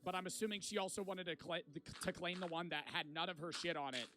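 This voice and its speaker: A man's voice: high voice, fast, over music. A man in his twenties telling a rambling, profane story in casual vlog style. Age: 20s. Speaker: vlogger.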